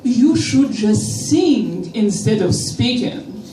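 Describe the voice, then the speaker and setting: A woman with a Russian accent performing a stand-up comedy set, with a slow, deliberate delivery and playful pauses. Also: medium pitch, expressive, dark tone, a little hiss or hum. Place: comedy stage before a live audience. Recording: roomy live venue, from a distance.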